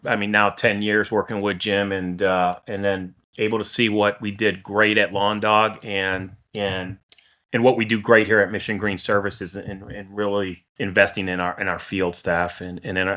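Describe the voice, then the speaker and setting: Low-ish guy, company owner on a podcast, plain steady talk, lots of restarts. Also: normal speed. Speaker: lawn care company owner, guest. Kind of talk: casual podcast conversation.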